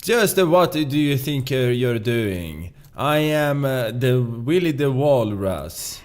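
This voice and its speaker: A man's voice: medium pitch, expressive, takes it slowly, a little mellow. A man voicing a greedy, boastful male walrus villain with an exaggerated Swedish accent and a theatrical, menacing delivery.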